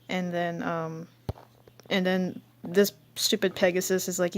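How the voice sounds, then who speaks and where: A woman's voice: lowish voice, flat delivery, unhurried. A woman hosting her channel, reading through an old comic in casual commentary, rambling and giggling at herself. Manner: rambling, giggly, self-mocking. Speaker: channel host.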